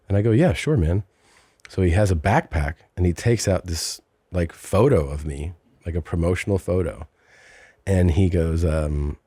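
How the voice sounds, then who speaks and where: A man's voice: sits low, normal speed, mellow, husky, no echo, studio quality. A man hosting a podcast, telling a long story in casual chat and slipping into mocking voices. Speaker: podcast host.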